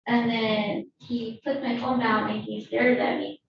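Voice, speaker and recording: Shaken woman with gravelly voice testifying. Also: on the high side, level tone, a crowd in the background. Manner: shaken, halting retelling. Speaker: witness. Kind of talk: courtroom testimony. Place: courtroom. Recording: echoey, distant, dull courtroom audio.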